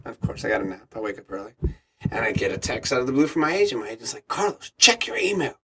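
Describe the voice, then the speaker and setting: Very fast and husky, his voice on the low side, a middle-aged man tells a story as a podcast guest. He's an actor and radio host, and he brings it to life by acting out the characters' voices, laughing often along the way.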